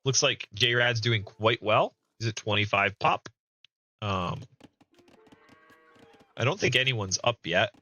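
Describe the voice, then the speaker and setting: A man's voice: lowish voice, slow pace, pauses often, bright, forceful tone. A man streaming a community strategy game, casually commentating and reading out players' chat, often chuckling.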